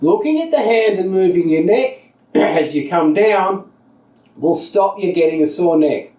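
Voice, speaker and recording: An Australian man leading a seated yoga class, giving calm, patient cues timed to the breath. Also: high-pitched, measured pace. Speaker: yoga teacher. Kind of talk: guided seated yoga instruction. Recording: echoey room, voice picked up from a distance.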